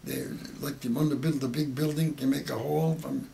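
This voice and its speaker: A man in his eighties with Yiddish as his first language, telling a story with halting, repeated words that grow emotional. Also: mid-range voice, steady tone, vocal fry, dark tone, a little hiss or hum. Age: 80s. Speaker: interviewee. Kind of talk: oral history interview.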